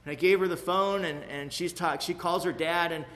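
Man, 40s, bright forceful voice, emotional rambling testimony; echoey hall. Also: fairly high pitch, fairly even intonation, normal speed. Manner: emotional, rambling, repeats "you know what I mean". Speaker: speaker sharing at a recovery meeting. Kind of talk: personal testimony to a live audience. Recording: echoey hall with faint room noise.

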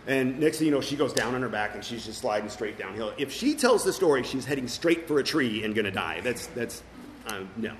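A man's voice: mid-range voice, expressive, normal speed, slight background noise, poor audio. A middle-aged man sharing his recovery story as personal testimony at a meeting, earnest and full of fillers and restarts.

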